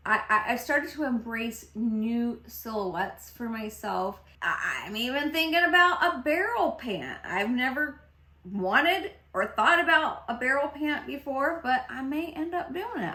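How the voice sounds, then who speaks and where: A woman's voice: a little high, sharp tone. A woman chatting casually through a makeup vlog, rambling and restarting her sentences as she talks. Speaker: beauty vlogger. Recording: roomy echo.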